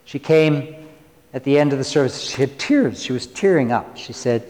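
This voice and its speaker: A man preaching a sermon as pastor, speaking conversationally and teasing his congregation, his voice swinging from loud to hushed. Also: medium pitch, expressive, moderate pace, big-room sound. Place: church.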